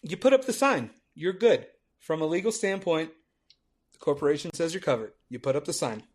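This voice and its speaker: A man chatting on a podcast, joking and throwing in quick asides. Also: on the high side, lively intonation. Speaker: podcast guest. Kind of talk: casual chat.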